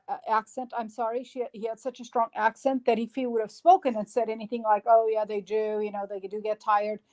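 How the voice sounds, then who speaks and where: A woman guest on a podcast, retelling events in an animated way with frequent restarts and fillers. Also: fairly high pitch. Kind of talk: casual podcast discussion.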